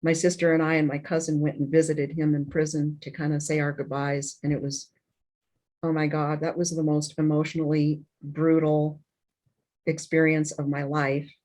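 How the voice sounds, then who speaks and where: Speaking as an interview guest, this middle-aged woman haltingly shares a painful story from her life, restarting often and filling pauses. Her low, darkish voice shows little pitch movement, yet the telling is emotional.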